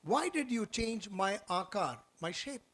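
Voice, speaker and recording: A man voicing a talking lump of clay that speaks in slow, grave pronouncements. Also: high-pitched, animated, a bit bright, full character voice. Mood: solemn.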